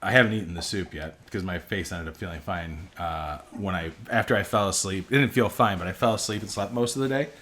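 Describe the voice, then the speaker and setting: Low-voiced man in casual chat. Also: fast talker, hardly any pauses, fairly bright tone. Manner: rambling, self-deprecating. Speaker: podcast co-host.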